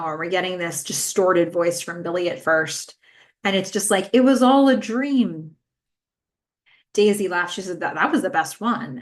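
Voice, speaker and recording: A woman hosts a rewatch podcast alone, walking through the scenes in a relaxed, conversational way. Her voice sits a little on the low side, and she fills pauses with "um" and "like" as she goes. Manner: chatty, fillers like "um" and "like". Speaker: podcast host. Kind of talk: casual recap monologue.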